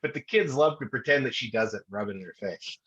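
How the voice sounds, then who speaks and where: A man's voice: lowish voice, lively intonation, brisk, fairly bright tone, slightly rough. A middle-aged man and podcast co-host telling a rambling, self-deprecating story about his son in casual chat. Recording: dull lo-fi recording.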